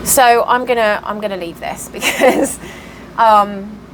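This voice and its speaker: A woman's voice: mid-range voice, fairly even intonation, unhurried, background noise. A tired woman chatting casually in a vlog update, venting her frustration and getting worked up. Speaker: cross stitch vlogger.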